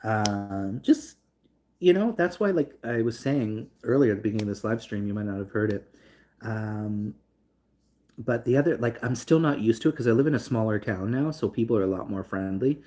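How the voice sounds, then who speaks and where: A man's voice: fairly low pitch, animated, moderate pace, a little mellow. A young man talking loosely to his live stream audience, rambling with lots of fillers and reading chat aloud. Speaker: livestream host.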